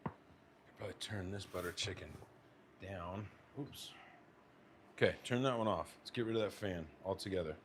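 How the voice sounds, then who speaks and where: Here's a deep-voiced young man from the United States, speaking at a moderate pace with long pauses over a little background hiss or hum. As a cooking vlogger, he plates food in his home kitchen and chats loosely with his partner and viewers.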